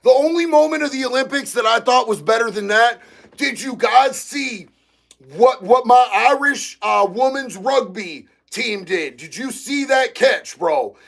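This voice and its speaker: A man hosting a casual livestream, reading viewer comments aloud and talking in an excitable, profane way that breaks into shouting. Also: very high voice, a little slow, creaky. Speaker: livestream host reading chat.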